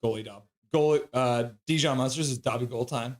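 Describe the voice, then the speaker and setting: With a mid-range voice and a fairly quick delivery, a man streams live for fans at home, narrating the game play by play. Big plays make him cry out excitedly, and in the lulls he baby-talks his dog.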